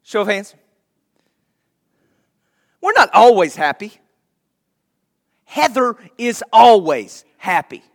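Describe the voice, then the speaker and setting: A man's voice: high-pitched, sing-song, slow pace, pauses often. A man preaching a sermon to his church in a conversational way, laughing lightly now and then. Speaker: pastor.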